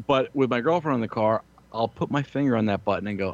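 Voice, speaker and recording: A man's voice: medium pitch, fast talker, hardly any pauses, highs cut off. A man in his thirties telling crude, rambling, self-mocking stories in casual chat. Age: 30s.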